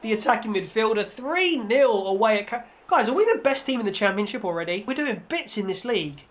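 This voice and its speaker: A man with a fairly high voice commentates on a football video game in a playful, chatty way. He rattles along between moves and jumps into excited mock-broadcaster shouts whenever the action heats up. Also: brisk, slight background noise. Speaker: gaming channel host.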